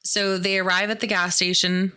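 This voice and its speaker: A woman's voice: mid-range voice, level tone, normal speed, pushed and bright, clear, resonant tone. A woman from the Midwestern US hosting a podcast, recapping a film in a chatty, sarcastic way with plenty of swearing. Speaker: podcast host. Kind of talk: casual movie recap commentary.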